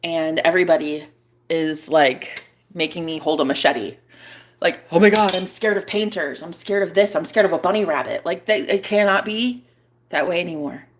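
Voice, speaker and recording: A young woman vlogs at a moderate pace, chatting casually and rambling while cursing without restraint. Her talk keeps spilling into high-pitched, exclamatory rants.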